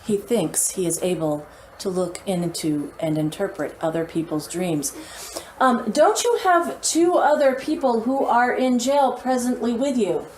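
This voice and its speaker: A woman's voice: medium pitch, animated, measured pace, darkish tone. A woman asking playful, leading questions in a mock church interview. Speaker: skit interviewer. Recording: roomy with faint noise.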